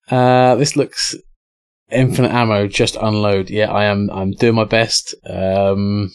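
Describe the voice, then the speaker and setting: A man's voice: fairly low pitch, flat delivery, slow pace, smooth. A young English man streaming a game, chatting casually, swearing and reading out chat. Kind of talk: casual live-stream commentary.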